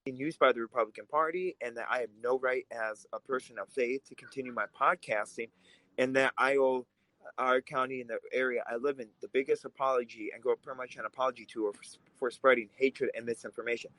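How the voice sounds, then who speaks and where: A man's voice: mid-range voice, fairly quick, fairly bright tone, no room sound, poor audio. A man who grew up in Russia, co-hosting a political podcast, talking in a heated, emphatic way. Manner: fired up, emphatic, swears when angry. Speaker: podcast co-host.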